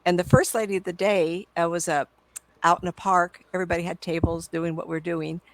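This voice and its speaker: A woman in her seventies, a psychic medium, telling stories to an audience in an excitable, chatty way with frequent laughs. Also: on the low side, a little fast, dry recording. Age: 70s. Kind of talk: storytelling talk to an audience.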